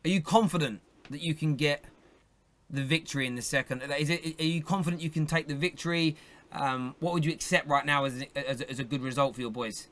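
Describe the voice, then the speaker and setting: A man's voice: on the high side, steady tone, brisk, a bit bright. A man hosting a live football fan phone-in, chatting casually, teasing and laughing often. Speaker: phone-in show host.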